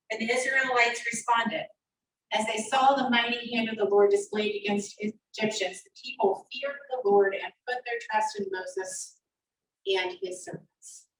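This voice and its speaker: A woman church elder teaching from the Bible with animated, emphatic readings, heard over a video call. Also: fairly high pitch, distant mic. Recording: echoey video-call audio from off the mic.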